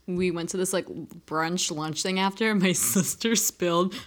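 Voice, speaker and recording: A young woman co-hosting a podcast, chatting casually with loose, profane, animated storytelling. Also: fairly low pitch, normal speed. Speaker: podcast co-host. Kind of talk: casual chat.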